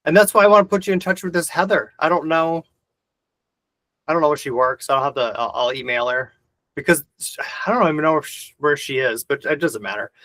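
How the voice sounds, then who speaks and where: A man's voice: on the high side, a little fast, fairly bright tone, dry recording. A man hosting a video call discussion, talking intensely and ranting with heavy swearing. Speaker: host of the discussion.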